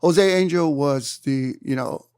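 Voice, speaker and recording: A man in his seventies from Hawaii, an interview guest telling surf stories in an animated way and acting out his own exclamations. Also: on the high side, unhurried, smooth, no echo, studio quality. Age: 70s. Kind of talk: storytelling in a conversation. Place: room.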